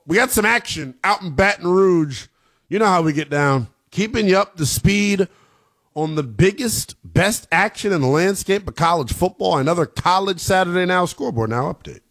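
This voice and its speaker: A man hosting a college football radio show, energetic and slangy, with quick hype and asides. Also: sits high. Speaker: sports radio host.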